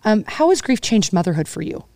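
A woman's voice: mid-range voice, sing-song, fairly quick, dry recording. A woman hosting a podcast, asking questions in an affirming, conversational way. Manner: warm, affirming interviewer. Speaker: podcast host.

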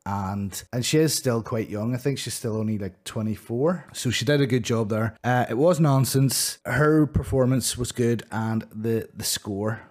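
A man's voice: mid-range voice, normal speed, few pauses, darkish tone. A man hosting a casual film review chat, talking in a rambling way with frequent restarts. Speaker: movie review podcast host.

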